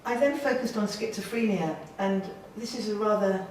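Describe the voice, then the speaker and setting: A woman's voice: mid-range voice, moderate pace, recorded from a distance, slight background noise. Chatty woman in an echoey gallery. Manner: chatty, enthusiastic, self-deprecating, with laughs and restarts. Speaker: artist giving a gallery talk. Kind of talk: informal gallery talk to an audience. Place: gallery talk space. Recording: very echoey room, voice from afar.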